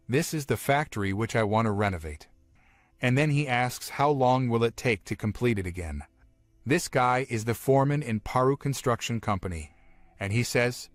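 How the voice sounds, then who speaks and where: A man recaps a comic story in an even, chatty storytelling voice, chaining each event to the next. The sound is dry and close. Quiet music plays low behind him. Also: no echo. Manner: strings events together with "and then he says". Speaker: recap narrator. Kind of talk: plain storytelling narration.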